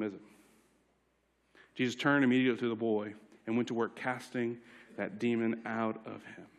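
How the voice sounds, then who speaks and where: A man as lead pastor giving a sermon, swinging from loud emphatic lines to hushed ones and repeating key lines. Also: mid-range voice.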